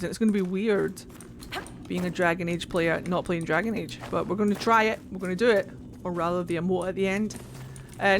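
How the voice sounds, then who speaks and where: A woman's voice: mid-range voice, slight background noise. A woman live-streaming a game, chatting casually with viewers and reading game text aloud.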